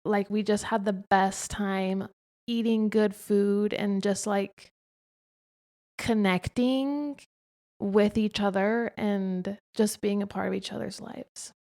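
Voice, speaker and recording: A woman's voice: medium pitch, slow pace. A young adult woman talking casually and expressively as a podcast host, with lots of filler "like". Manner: chatty and expressive, frequent filler "like". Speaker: podcast host, interviewed by her husband. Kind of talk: casual conversational chat.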